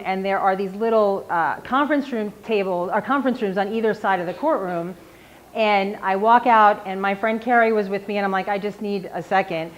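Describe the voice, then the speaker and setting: Woman telling a live story, slightly muffled. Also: mid-range voice. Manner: conversational, with frequent "like" and self-mocking humor. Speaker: defense attorney telling a personal story. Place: live event stage. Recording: slightly dull live recording with faint ambience.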